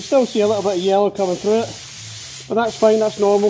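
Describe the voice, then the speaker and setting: A man's voice: high-pitched, little pitch movement, brisk, mellow, a little hiss or hum. Chatty man, muffled through a mask. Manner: chatty, asks for agreement with tag questions. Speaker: charity workshop vlogger. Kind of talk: casual walkthrough commentary. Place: indoor vehicle workshop.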